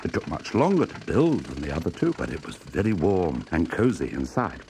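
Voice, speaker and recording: A man narrating a children's story in an expressive, sing-song reading style. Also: sits low, fairly quick, gravelly, slight background noise. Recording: music playing underneath.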